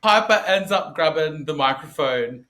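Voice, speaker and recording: A man co-hosting a podcast in casual chat, recapping wrestling in an animated, profane way and laughing often. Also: fairly high pitch, moderate pace. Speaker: podcast co-host.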